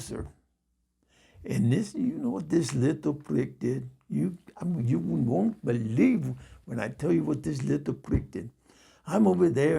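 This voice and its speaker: An indignant middle-aged cab driver, put on by a man telling a story, rambling on and peppering every few words with a polite "sir". The voice is gravelly and husky, pitched a little high for a man. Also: warm tone, exaggerated voice. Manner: repeats "sir" and tells it with indignation.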